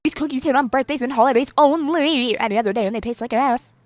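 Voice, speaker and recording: A woman's voice: high-pitched, fast, dry recording, studio quality. A woman reading tweets and telling dating stories aloud in a frank, chatty way.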